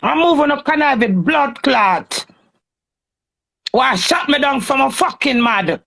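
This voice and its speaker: A woman's voice: sits high, expressive, unhurried, gravelly, fairly bright tone. A Jamaican woman in a heated, cursing, confrontational rant on a phone live stream.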